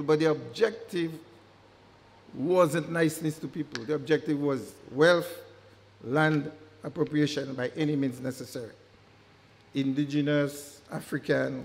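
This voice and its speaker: A man giving a public lecture, emphatic, often repeating words for stress. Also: fairly high pitch. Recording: long hall reverb.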